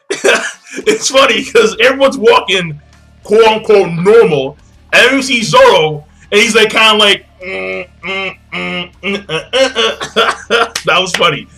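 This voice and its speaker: A man giving a casual, excited anime episode review, full of slang, swearing and repeated phrases. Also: high-pitched, moderate pace, soft background music.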